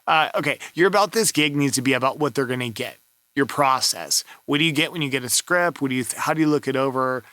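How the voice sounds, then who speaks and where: A man's voice: medium pitch, fast talker, bright, forceful tone, no room sound. A man coaching as he reviews a voiceover seller's gig, speaking frankly and offhandedly in casual commentary.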